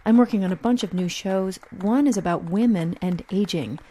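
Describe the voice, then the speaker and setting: A woman's voice: medium pitch, normal speed, dark tone, lo-fi sound. A middle-aged woman hosting a show and reading her own short story with wry, self-deprecating humor. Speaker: podcast host and storyteller.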